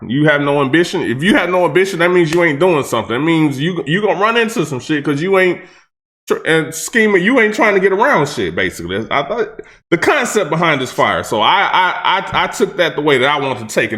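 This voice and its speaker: A man's voice: fairly high pitch, a bit bright. A man hosting a reaction channel who talks in casual slang, breaks down battle rap lines, often repeats himself and restarts his sentences.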